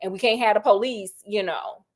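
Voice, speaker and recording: A woman storyteller retelling a classic mystery in an animated, slangy way, asking her listeners questions. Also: medium pitch, a little fast.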